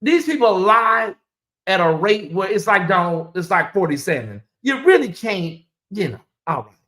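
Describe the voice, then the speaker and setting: A very animated woman with a medium-pitched, slightly bright voice talks a little slowly. She's running a casual livestream, meandering through repeated phrases while addressing her chat.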